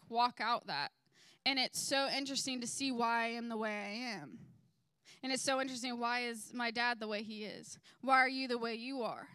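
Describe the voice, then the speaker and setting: In a clear, resonant, rather high voice recorded with no room sound, a young woman shares a relaxed church testimony. She tells her story with animation, says "like" a lot, and voices the people she quotes differently.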